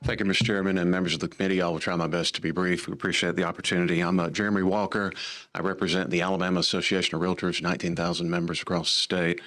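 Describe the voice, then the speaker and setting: Very deep-voiced man testifying. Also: level tone, fairly bright tone. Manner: measured, with frequent "uh" pauses. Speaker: association representative testifying. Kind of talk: formal testimony.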